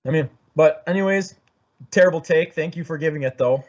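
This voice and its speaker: A man hosting a sports podcast, chatting casually and rambling, with many restarts and throat clearing. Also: fairly high pitch, brisk, darkish tone. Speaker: podcast host. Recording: dull lo-fi audio.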